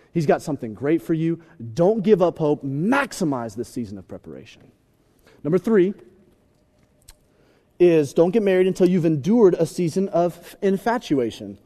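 A man preaching a sermon in a joking, animated way, acting out little scenes. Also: on the high side. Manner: animated, joking, acts out voices. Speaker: pastor. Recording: reverberant hall.

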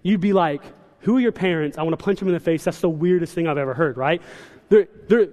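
Man, young adult, church speaker, animated sermon storytelling, high pitch, echoing hall. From South Carolina. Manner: animated storytelling with quick asides. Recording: long hall reverb.

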